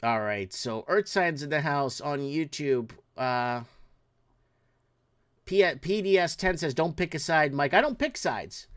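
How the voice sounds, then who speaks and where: A man's voice: fairly high pitch, animated, a little slow, fairly bright tone, clear, resonant tone. A middle-aged man hosting his own podcast, talking in a rambling, heated way and firing off rhetorical questions. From Portugal, raised in Toronto area. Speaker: podcast host. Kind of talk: casual live-stream commentary.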